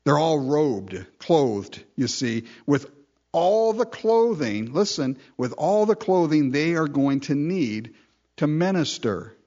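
A man's voice: fairly high pitch, very animated, takes it slowly, darkish tone, lo-fi sound. A man preaching an earnest expository sermon, speaking directly to his listeners and reading scripture aloud. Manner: earnest, drawing listeners in with asides; reads scripture in King James wording. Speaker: pastor.

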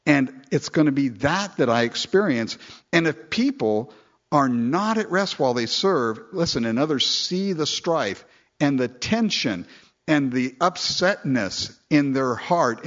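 A man preaching a sermon in a conversational, animated way, often chatting with listeners as he goes. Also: a little slow, lo-fi sound. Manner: conversational, animated, mimics people in falsetto quotes.

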